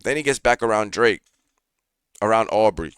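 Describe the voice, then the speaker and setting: A man's voice: lowish voice, moderate pace, clear, resonant tone, dry recording. A man hosting a reaction show, ranting in casual, profane commentary with lots of fillers, recorded close on a studio mic. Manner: profane, animated rant with frequent fillers.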